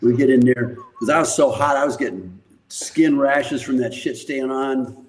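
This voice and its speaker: Older male guest, mid-pitch, rambling profane storyteller who laughs a lot. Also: normal speed, rough recording. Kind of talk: casual storytelling.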